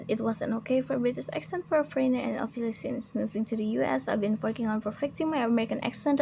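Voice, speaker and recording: A young woman recites a pronunciation lesson as a tutorial monologue, speaking deliberately and stressing the key words. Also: on the high side, gravelly, a little mellow, a little hiss or hum. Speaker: English learner giving pronunciation tips.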